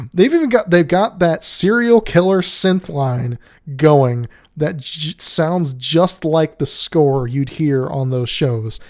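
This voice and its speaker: A man's voice: fairly high pitch, darkish tone. A man giving a casual, rambling album review, often laughing and cutting himself off mid-thought. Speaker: music reviewer.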